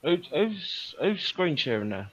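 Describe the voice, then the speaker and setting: A man's voice: fairly high pitch, sing-song, a little slow, muffled recording. A man in a casual gaming chat who hesitates and repeats words.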